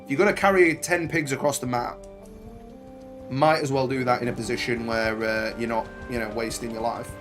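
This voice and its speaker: Over music, a gaming channel host with a mid-range voice does let's play commentary of his own playthrough at a moderate pace with fairly even intonation. He's chatty and bantering, swearing at the soldiers on screen.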